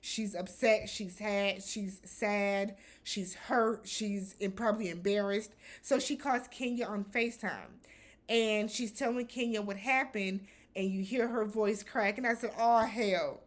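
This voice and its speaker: A woman hosting a casual reality TV recap, talking in a blunt, animated way with some swearing. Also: mid-range voice, a little slow.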